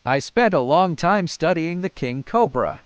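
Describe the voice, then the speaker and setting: Guy doing snake science outdoors, bouncy pitch, dry close sound, lots of wows. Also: unhurried, smooth, no room sound. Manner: excited exclamations, counting aloud. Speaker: snake educator. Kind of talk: outdoor field commentary.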